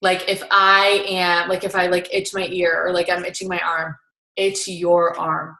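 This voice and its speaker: A woman's voice: fairly low pitch, level tone, a little slow, sharp tone. A young woman recapping a seminar in casual chat, earnest and coaching, filling her talk with "like". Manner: chatty, heavy use of filler "like". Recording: echoey room.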